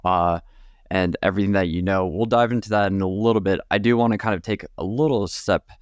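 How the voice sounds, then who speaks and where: Male podcast host, very low voice, curious and loose questioning, dry close recording. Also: steady tone, fairly quick, dry recording. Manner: curious, hedging with "like". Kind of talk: interview questions.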